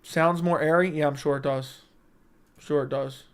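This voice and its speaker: A young man hosting a casual livestream from a room at home, talking close into a studio mic, joking and crude, with sudden loud bursts. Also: a little high, steady tone, normal speed, clear, resonant tone. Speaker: livestream host. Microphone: close studio mic with audio interface.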